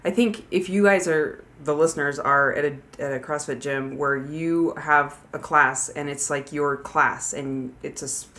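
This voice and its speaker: A woman with a notably low voice, co-hosting a casual podcast. She talks in an easy, encouraging way with plenty of fillers. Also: a little slow, few pauses, pushed and bright. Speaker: podcast co-host. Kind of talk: casual chat.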